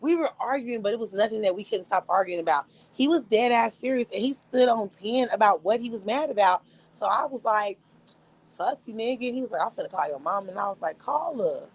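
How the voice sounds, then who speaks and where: Animated, profane woman telling a story. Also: fairly high pitch, fast, low-quality recording. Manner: animated, profane, laughs often. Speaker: livestream host. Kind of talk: casual storytelling to viewers.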